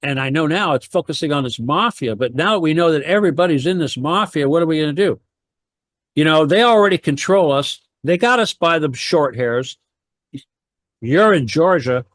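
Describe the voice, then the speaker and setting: A man's voice: on the high side, fairly bright tone, no room sound, clean studio sound. A man talking on a radio talk show, rambling and heated, firing off rhetorical questions.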